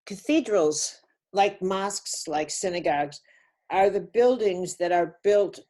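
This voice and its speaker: A woman telling a personal story on a webinar, earnest and halting, often restarting her sentences. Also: lowish voice, mellow. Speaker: webinar speaker.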